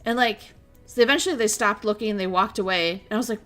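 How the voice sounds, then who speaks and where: A woman's voice: mid-range voice, quick pace, a bit bright, soft background music. A young woman from Minnesota, a streamer telling stories in casual chat, rambling and swearing freely. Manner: rambling, profane storytelling.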